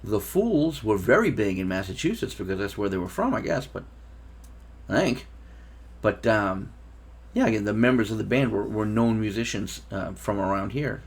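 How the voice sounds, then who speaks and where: A man's voice: fairly low pitch, lively intonation, moderate pace, gravelly, slightly rough. Rambling middle-aged male storyteller. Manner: rambling, laughs as he tells it. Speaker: vlogger. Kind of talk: casual storytelling.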